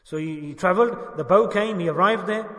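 A male preacher with a high, ringing, bright voice delivers a sermon, firing questions at his listeners and answering them himself. The sound is echoey and comes from a distance across a large hall. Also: fairly quick. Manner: asks the audience questions and answers them himself, urges them to say it loudly. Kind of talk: religious sermon with call-and-response.

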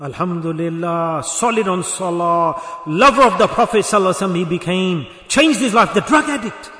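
Man preaching, high bright voice, echoey hall. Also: lively intonation, fairly quick. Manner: storytelling, rhetorical questions to listeners. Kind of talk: sermon.

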